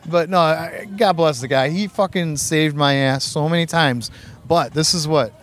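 Guy swearing a lot telling old navy stories by a hotel pool, kinda high voice, rambly. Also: normal speed. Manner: profane, rambling, animated storyteller. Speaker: podcast co-host, Navy veteran. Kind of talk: casual storytelling chat. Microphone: streamed live on a phone or camera.

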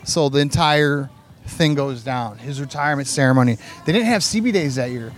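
At a moderate pace and medium pitch, a podcast co-host who served in the Navy tells animated, profane, rambling stories about his service. The casual chat takes place at a hotel pool and is streamed live on a phone or camera.

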